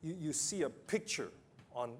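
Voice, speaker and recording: A man preaching a sermon as pastor, emphatic, with long pauses, building to loud peaks and then dropping low. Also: animated, a little hiss or hum. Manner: acts out simple illustrations with sound effects.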